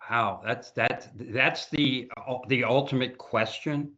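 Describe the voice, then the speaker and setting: A man speaking as a cybersecurity consultant guest in a casual interview, talking in an animated, emphatic way and often repeating words. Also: medium pitch, takes it slowly, hardly any pauses. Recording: dull lo-fi audio.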